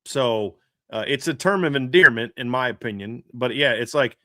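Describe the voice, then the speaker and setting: A man's voice: mid-range voice, normal speed, fairly bright tone, dry recording, studio quality. A man from the American South chatting casually as a sports podcast co-host, rambling with frequent restarts. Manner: rambling, restarts, laughs often.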